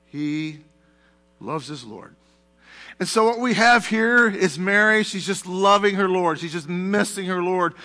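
High, bright-voiced preacher man in a reverberant church. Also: steady tone, moderate pace, hardly any pauses, soft background music. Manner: conversational preaching with asides to the congregation. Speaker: pastor. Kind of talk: sermon. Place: church sanctuary.

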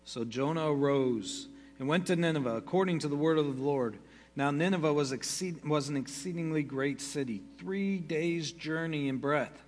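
A man, a pastor, reads a Bible passage aloud to his congregation at a steady pace, with brief casual asides and quick self-corrections. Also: a little high, big-room sound, soft background music. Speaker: pastor teaching a Bible study. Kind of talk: reading scripture aloud to a congregation.

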